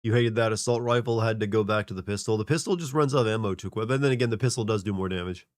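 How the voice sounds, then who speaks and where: Low, stuffy-nosed man streamer. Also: racing, dry recording, clean studio sound. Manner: relaxed, chatty asides to chat. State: congested, nasal from a cold. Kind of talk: casual gaming commentary.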